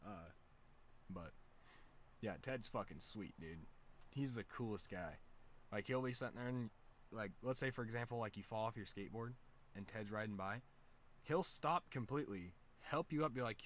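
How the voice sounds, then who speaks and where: A man's voice: medium pitch, moderate pace, fairly bright tone, a little hiss or hum. A man streaming from home, telling stories in a loose, profane, laid-back way. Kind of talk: casual storytelling chat.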